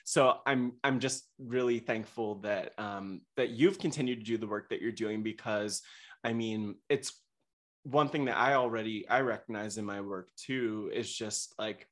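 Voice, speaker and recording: A man's voice: on the low side, normal speed, fairly bright tone. Chatty man with lots of restarts. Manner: rambling, enthusiastic, many restarts and fillers. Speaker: podcast guest. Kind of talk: casual interview chat.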